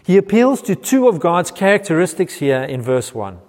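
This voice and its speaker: A man's voice: high voice, sing-song, moderate pace, darkish tone. A middle-aged man preaching a sermon as pastor, earnestly explaining and quoting scripture. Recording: reverberant church hall.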